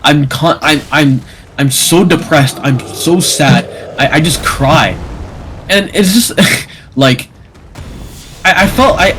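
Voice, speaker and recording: A man's voice: fairly high pitch, a bit bright, slight background noise. A young man telling an emotional story in casual chat, rambling with many restarts and stammers.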